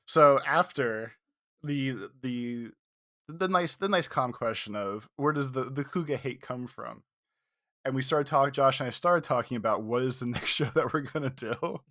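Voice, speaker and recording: A man's voice: medium pitch, a little slow, fairly bright tone, no room sound, studio quality. A man co-hosting a casual review podcast, joking and sarcastic at his own expense. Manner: joking, sarcastic, self-mocking. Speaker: podcast co-host.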